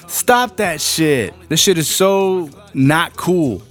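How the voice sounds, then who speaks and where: A man's voice: fairly high pitch, measured pace, hardly any pauses, faint music behind. A young man from ranting bluntly and profanely in casual chat, telling stories with lots of energy. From Rio Grande Valley, Texas. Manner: blunt, profane, animated storytelling. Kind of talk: casual rant to camera.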